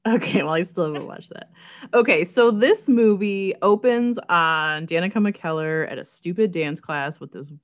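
Woman co-host, slightly low voice, wry and relaxed, lots of "like", dry close recording. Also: moderate pace, no room sound, muffled recording. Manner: wry, laid-back storytelling with filler "like". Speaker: podcast co-host. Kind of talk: casual movie-review chat.

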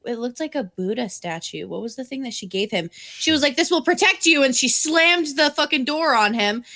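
A woman co-hosting a casual chat, animated and swearing freely, poking fun at herself. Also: on the high side, moderate pace. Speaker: podcast co-host.

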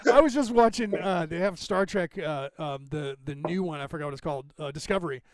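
A middle-aged man co-hosting a podcast in rambling casual chat, swearing freely and telling animated stories. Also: fairly high pitch, a little fast, crowd noise. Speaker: podcast co-host.

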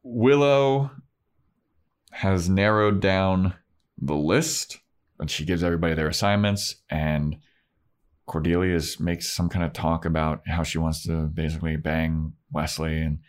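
Low-voiced guy recapping a tv episode, casual podcast chat. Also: a little slow. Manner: animated recapper who acts out characters in high falsetto voices.

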